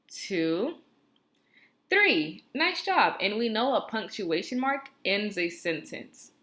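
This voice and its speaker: A woman teaching first graders in a recorded video lesson, with slow, clear, encouraging talk and drawn-out repeat-after-me phrases. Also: fairly low pitch, pushed and bright.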